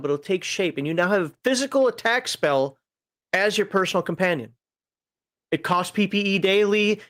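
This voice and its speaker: A man co-hosting a relaxed tabletop gaming talk show, rambling with frequent laughs and fillers. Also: high voice, dry recording, studio quality. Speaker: podcast co-host reviewing a tabletop magazine. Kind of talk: casual chat.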